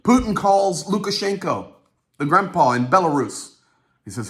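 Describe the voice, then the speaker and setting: A man hosting his own show, giving a running news commentary in an informal way, talking straight to his audience. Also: moderate pace. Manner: animated, swings up in pitch for quotes. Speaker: host.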